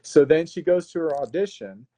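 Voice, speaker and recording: A man's voice: a little high, moderate pace. A man, a guest author on a live stream, casually retells a plot with lots of restarts. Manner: animated storyteller, frequent restarts.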